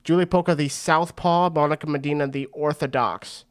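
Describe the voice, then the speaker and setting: A man hosts a fight watch-party stream, talking in a slightly raised pitch. He rambles excitedly and drops slang like "bro" as he calls the action. His commentary stays loose and conversational. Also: moderate pace. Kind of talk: casual fight commentary on a livestream.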